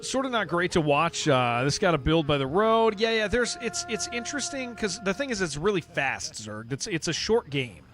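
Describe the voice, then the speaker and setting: Soft music plays under a young San Diego man's casual, rambling chat as he streams a game. His high, sing-song voice is a bit bright, moving at a moderate pace with few pauses, and he speaks with a Californian accent, restarting sentences and saying "dude" often.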